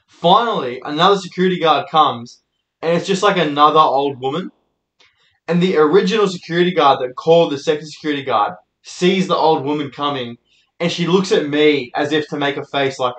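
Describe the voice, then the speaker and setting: A young man hosting his own show, telling loose, laid-back stories with plenty of swearing. His voice sits a bit high for a man. The room around him is noticeably echoey. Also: a little fast, fairly bright tone, highs cut off. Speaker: host. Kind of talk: casual storytelling monologue.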